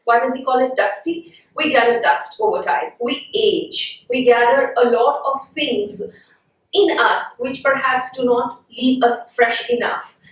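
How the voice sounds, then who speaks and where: A woman gives a thoughtful, unhurried poetry lecture in a high voice. She sounds distant from the mic, and her words ring in a strongly echoing room. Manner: slow, reflective explaining. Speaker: literature teacher. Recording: very echoey room, mic far off.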